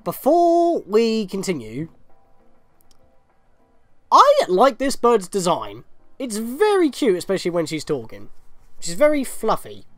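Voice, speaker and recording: A man's voice: high-pitched, huge pitch swings, unhurried, pauses often, a bit bright, no echo, faint music behind. A man giving casual walkthrough commentary on a video game, rambling, laughing and easily exasperated. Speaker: gaming commentator.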